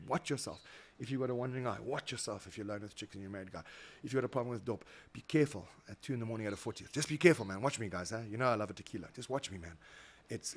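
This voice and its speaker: A South African man telling stories as a guest in a casual interview, animated, acting out quoted voices and often repeating words. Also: medium pitch. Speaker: guest, motivational speaker.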